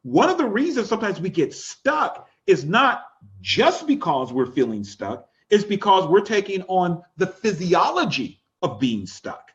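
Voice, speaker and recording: Upbeat male life coach, high voice, coaxing and repetitive; dull lo-fi recording. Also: a little slow. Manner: energetic, coaxing, repeats instructions, laughs often. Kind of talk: live-streamed coaching class.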